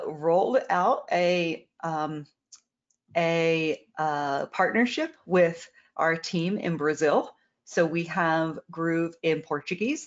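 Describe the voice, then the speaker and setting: Heard through lo-fi sound, a low-voiced woman co-founder answers product questions in a relaxed Q&A. She's candid and explains things clearly, echoing her own words as she works out what to say.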